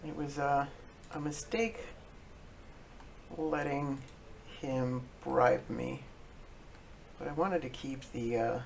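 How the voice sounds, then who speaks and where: A man narrates his own card game on a stream, thinking aloud in a loose, halting way with plenty of fillers. His voice has a gravelly, fry-edged texture at a middling pitch, with a faint hiss behind it. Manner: halting, with frequent fillers and self-corrections. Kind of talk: casual thinking-aloud commentary.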